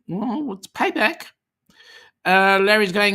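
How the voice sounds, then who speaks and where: Slow-talking Australian-accented host. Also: male voice, high-pitched, expressive, bright, forceful tone. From South Africa. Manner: reads viewer comments aloud, chatty, many ums. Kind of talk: livestream chat.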